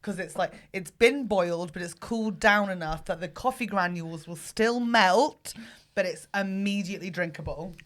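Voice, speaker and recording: A woman, co-hosting a podcast in a playful, cheeky way with loud laughs. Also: medium pitch, normal speed. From Yorkshire, England. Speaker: podcast co-host. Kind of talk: casual chat.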